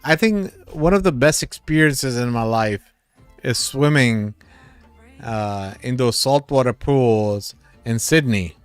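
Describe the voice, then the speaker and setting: Slow-talking man chatting with his livestream viewers. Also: medium pitch, soft background music. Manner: chatty, laughs often, reads comments aloud. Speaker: livestream host reading chat. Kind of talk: casual live chat with viewers.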